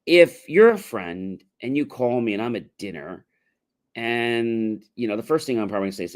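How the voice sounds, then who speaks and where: A middle-aged man talks through a casual advice livestream at a middling pitch. He keeps it conversational and slips into both sides of imagined phone calls as he goes. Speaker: motivational livestream host. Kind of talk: casual spoken advice monologue.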